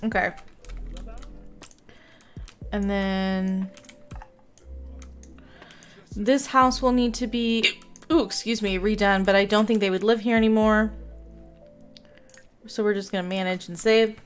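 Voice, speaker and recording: A woman's voice: medium pitch, steady tone, slow, long pauses, smooth, faint music behind. A young woman streamer giving casual gameplay commentary, hiccuping often, giggling and apologizing.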